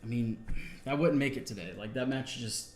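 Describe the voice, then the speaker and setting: Recapping wrestling matches on a laid-back review show, a male podcast co-host rambles, leans heavily on fillers, and performs quoted lines. His medium-pitched voice moves at a moderate pace, and the recording sounds roomy.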